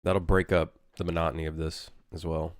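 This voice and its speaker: A young native French-speaking man rambles and jokes with his live-stream chat as he works on a game level. His voice sits low and deep. The sound is dry and close, with no room around it. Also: level tone, fairly quick, no echo. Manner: rambling, joking, answers chat while working.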